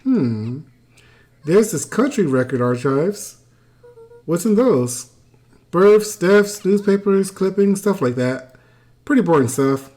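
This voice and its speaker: A bookish young penguin librarian who speaks in a mild, friendly, relaxed way, as a game player voices him. The voice stays close to everyday speech, with a lively rise and fall. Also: medium pitch, takes it slowly, long pauses. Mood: calm.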